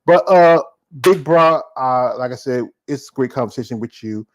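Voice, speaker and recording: A man hosting a podcast in casual chat, joking and halting, often repeating words. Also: mid-range voice, animated, highs cut off, crowd noise. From Southern United States. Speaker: podcast host.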